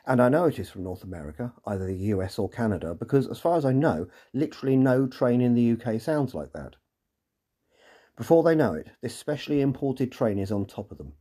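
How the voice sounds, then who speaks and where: A man's voice: mid-range voice, animated, fast talker, few pauses, mellow, slightly rough. A man hosting a podcast, reading a scripted episode recap with dry, sarcastic asides. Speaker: podcast host and narrator.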